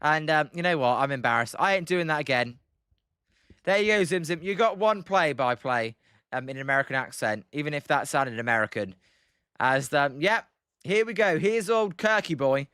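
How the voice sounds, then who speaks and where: Expressive and at a normal speed, a British play-by-play streamer with a high, bright, clear, smooth voice narrates each pitch and answers his chat in between, leaning on many fillers. There's no room sound; the audio is close and dry.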